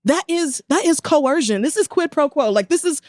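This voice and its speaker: A woman's voice: high-pitched, expressive, normal speed, a little mellow, dry recording, studio quality. A woman, co-hosting a casual podcast and telling a story with indignation and quoted voices. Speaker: podcast co-host.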